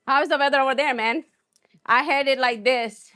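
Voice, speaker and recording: A woman's voice: sits high, fairly even intonation, moderate pace, a bit bright. A woman hosting a live cooking stream, chatting and rambling as she talks straight to her viewers. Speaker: cooking livestream host.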